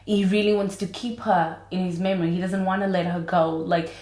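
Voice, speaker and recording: A low-pitched woman in her late twenties talks through a casual podcast monologue. She is a chatty, dramatic storyteller who laughs easily. Her voice rings around a roomy, echoey space. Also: fairly even intonation, brisk, darkish tone. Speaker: podcast host.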